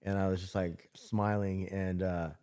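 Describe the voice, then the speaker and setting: A man recounting a past drinking episode as an interview guest, profane and rambling, laughing through dark moments. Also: sits low, level tone, unhurried, clean tone. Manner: profane, rambling, many restarts. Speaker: podcast guest. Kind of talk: casual storytelling interview.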